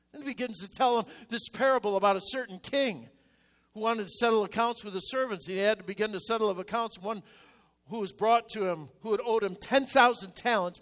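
Male pastor with a high voice, emphatic sermon delivery, loud peaks and hushed asides. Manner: emphatic, swings from loud declarations to soft, low asides.

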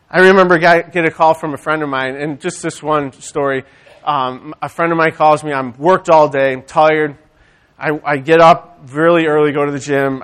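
A man preaching a sermon, animated and conversational, swinging from loud rallying calls to quiet storytelling. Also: high voice. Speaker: church speaker.

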